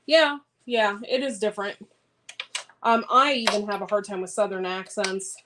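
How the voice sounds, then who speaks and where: Cutting beans in her home kitchen, a homesteading vlogger rambles through casual livestream chat and answers viewer comments. Her mid-range voice is steady, bright and forceful at a moderate pace, with clear background noise and clicks in the recording.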